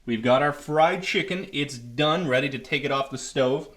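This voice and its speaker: A man's voice: medium pitch, moderate pace, fairly bright tone. A man narrating a cooking vlog in a playful, mock-earnest way, hyping up strange dishes as he makes them. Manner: playful, mock-earnest, hypes up bad food. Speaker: cooking vlogger.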